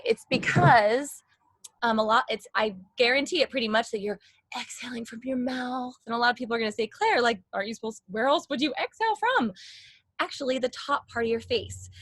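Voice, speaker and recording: A young woman giving a casual singing lesson, excited and rambling, with sung demonstrations. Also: a little high, dry recording. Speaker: singing teacher.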